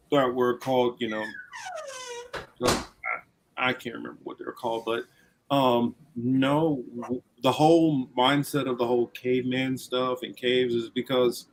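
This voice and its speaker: A man's voice: medium pitch, low-quality recording. A man hosting a casual livestream, rambling and blunt, swearing freely as he talks through history. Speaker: livestream host.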